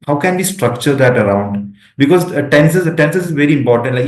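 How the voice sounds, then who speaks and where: A man's voice: medium pitch, a little mellow. A man hosting an interview, asking questions casually and hesitantly, with many restarts and fillers. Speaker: interview host. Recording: echoey room.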